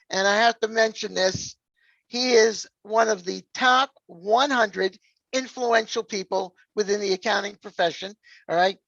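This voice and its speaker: A man's voice: high-pitched, vocal fry, a bit bright, no echo. A man, hosting a podcast in a chatty, joking way. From New York area. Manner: chatty, jokey, peppers lines with "all right?". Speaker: podcast host. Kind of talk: casual podcast chat. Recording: dull, dry lo-fi sound.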